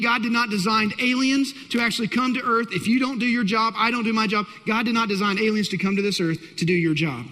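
A man's voice: high voice, fairly bright tone. A man preaching a sermon to a congregation, emphatic and direct, repeating key phrases to drive his point home. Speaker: pastor. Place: church hall. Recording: long reverb of a large hall.

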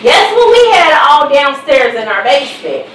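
A mother from Kansas City telling lively family stories with a Missouri accent, acting out voices and laughing often. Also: high voice, moderate pace, far from the mic, a little hiss or hum. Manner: animated storyteller who acts out quotes and laughs often. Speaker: mother of the victim. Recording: echoey room, voice from afar.

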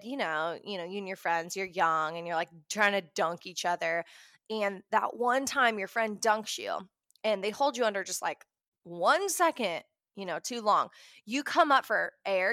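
A young woman talking casually to camera about money, chatty and animated, acting out her own reactions. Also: mid-range voice, dry recording, studio quality. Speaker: personal finance vlogger.

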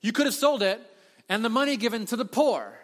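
High-voiced pastor preaching in a reverberant hall. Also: male voice, brisk. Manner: animated storytelling, acts out quoted voices. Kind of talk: sermon.

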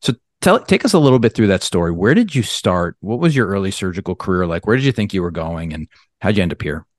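A man hosting a podcast speaks in a very low voice and asks long, rambling questions with enthusiasm. The sound is close and dry, with no room around it. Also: animated, fast talker, dry recording. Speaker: podcast host. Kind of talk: conversational interview.

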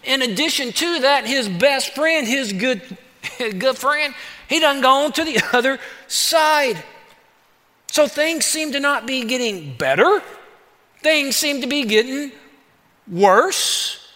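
Man, pastor, high bright voice, animated sermon, long hall reverb. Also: takes it slowly. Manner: animated, acts out David's pleas in casual voice.

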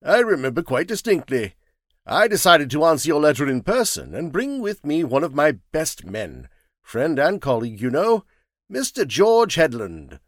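A man's voice: fairly high pitch, wildly swooping pitch, normal speed, no room sound, studio quality, pitched above the performer's own voice. A man voicing a portly, bland male police superintendent in an audiobook, with an official, formal manner. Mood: pleasant. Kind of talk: audiobook character reading.

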